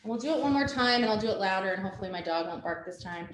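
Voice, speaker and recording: A woman teaching a family yoga class from home over a video call, giving gentle, calm instructions with soft laughs. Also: mid-range voice, very fast. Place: at home, with a dog nearby. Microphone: webcam on a video call. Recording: roomy home room with faint background noise.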